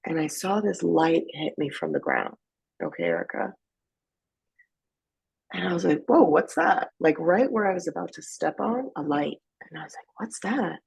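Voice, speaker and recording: A woman's voice: fairly low pitch, vocal fry, a little mellow, slightly rough, rough recording. A young woman from Afghanistan telling her personal testimony as a guest, emotional and slipping into whispers when she quotes herself.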